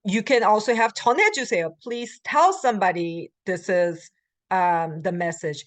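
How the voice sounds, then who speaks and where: Woman teaching grammar, unhurried, filler-heavy. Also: mid-range voice, no echo. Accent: American English. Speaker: Korean language instructor. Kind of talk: recorded grammar lecture.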